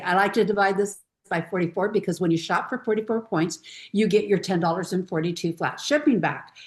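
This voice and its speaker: A woman trainer walks through a sales method step by step in an easy, practical way. Her voice sits in the middle of the range and rings with a roomy echo from a video call. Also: medium pitch. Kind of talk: casual training talk.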